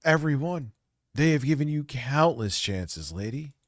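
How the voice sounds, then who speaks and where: A man's voice: fairly low pitch, animated, normal speed, no echo, clean studio sound. A man in his forties ranting crudely on a late-night stream, swearing constantly and sounding stressed and worn out. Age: 40s. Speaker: livestreamer reacting to a video.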